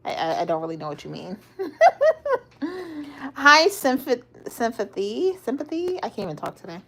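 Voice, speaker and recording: Lively giggly young woman. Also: mid-range voice, brisk, creaky. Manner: giggly, stumbles over words, answers viewers. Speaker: livestream host. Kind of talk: casual live-stream chat reading comments.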